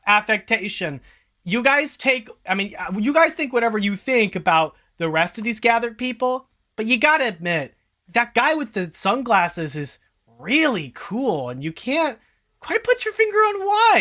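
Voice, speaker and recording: Animated playful game master. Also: medium pitch, normal speed. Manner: playful, animated, laughs often. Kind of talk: tabletop game narration.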